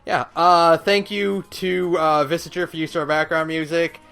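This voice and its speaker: A man's voice: a little high, moderate pace, smooth. Laid-back man podcast co-host. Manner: relaxed, filler-heavy, swears casually. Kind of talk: casual gaming chat. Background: faint background music.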